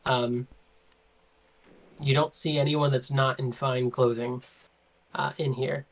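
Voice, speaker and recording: A woman's voice: a bass voice, little pitch movement, slow pace. A woman narrating a tabletop game as game master, casual, with many fillers and frequent laughs.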